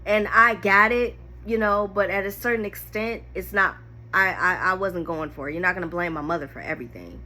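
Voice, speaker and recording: Bright-voiced woman telling a personal story. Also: medium pitch, fairly quick. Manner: emotional, candid, animated retelling. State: holding back tears. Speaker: storyteller vlogger.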